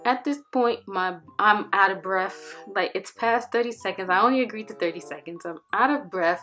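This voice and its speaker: A young woman talks straight to her viewers in a casual storytime, her voice sitting at an ordinary middle pitch. Her delivery is animated and full of slang, and she acts out what people said to her. Soft music plays faintly underneath. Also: normal speed. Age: young adult. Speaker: vlogger.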